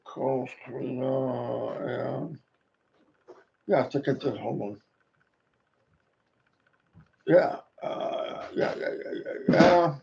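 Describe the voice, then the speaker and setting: A man hosting a live stream, greeting viewers one by one with playful, sing-song shout-outs and little rhymes. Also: mid-range voice, drawn-out words, gravelly, pauses often. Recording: dull lo-fi stream audio.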